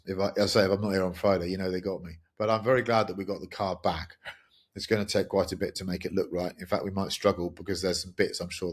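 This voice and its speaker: Podcast host, middle-aged man, lowish voice, candid and self-deprecating, loose rambling delivery. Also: breathy edge. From England. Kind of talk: casual podcast monologue.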